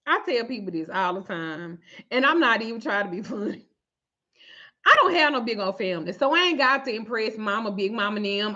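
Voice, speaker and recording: Woman with a bright voice telling a wild story, swears a lot, kinda dull lo-fi audio. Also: medium pitch. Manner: profane, animated storyteller, laughing often. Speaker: tarot reader and vlog host. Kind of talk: casual storytelling to viewers.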